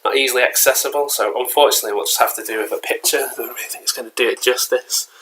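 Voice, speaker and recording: A man's voice: medium pitch, racing, a bit bright, low-quality recording. A man with an English accent chatting casually at home as a collectibles vlogger, rambling along with frequent fillers and restarts. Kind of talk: casual vlog chat. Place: at home, indoors.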